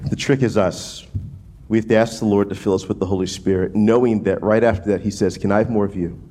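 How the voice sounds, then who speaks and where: A man from New Orleans preaching a sermon in a casual, animated way, often restarting phrases and checking in with "right?". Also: lowish voice, quick pace, a little hiss or hum. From New Orleans, USA. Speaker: pastor.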